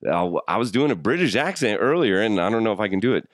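Man in his 30s with a cold, solo podcast host; low, lively, crude and jokey, dry close mic. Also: quick pace, no echo. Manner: jokey, crude, laughing often. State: sick, rough throat. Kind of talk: casual solo podcast chat.

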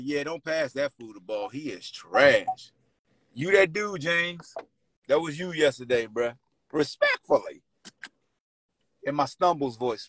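A man hosting a sports show, firing off loud, playful trash talk. His voice sits a little high and leaps all over the place. The sound is close and dry, with no room around it. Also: dry recording. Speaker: host.

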